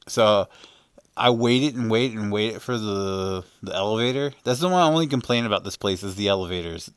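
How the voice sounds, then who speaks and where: A man's voice: lowish voice, a bit bright, clean tone, dry recording. A man casually narrating a voice-over for his vlog, rambling with many fillers and laughing as he goes. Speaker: vlogger.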